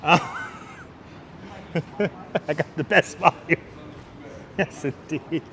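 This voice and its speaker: Male livestream host, high voice, playful and jokey, walking outdoors on a wireless lapel mic with faint traffic noise. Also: slow pace, a bit bright. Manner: jokey, breaks into playful singing, reads out viewer names. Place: outdoors on an elevated city park walkway. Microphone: wireless clip-on mic, phone on gimbal.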